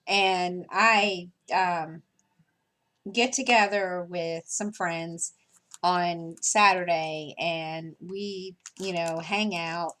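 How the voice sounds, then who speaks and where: A woman who vlogs about crafting speaks extremely slowly in a slightly bright voice on the low side. She rambles casually while she works on a craft project, using many fillers and restarts and chuckling between ideas.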